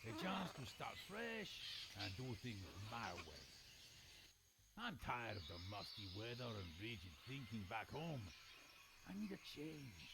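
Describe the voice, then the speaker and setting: A gravelly, self-assured new governor. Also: male voice, mid-range voice, sing-song, measured pace, heavy background noise. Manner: reflective, grandly hopeful, wry. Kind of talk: video game cutscene narration. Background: loud music.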